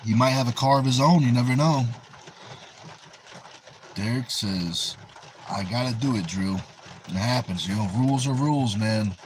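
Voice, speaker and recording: A man's voice: medium pitch, measured pace, long pauses, slight background noise, rough recording. A man with a New England accent hosting a livestream, casually reading viewers' chat messages aloud and answering them. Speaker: livestream host.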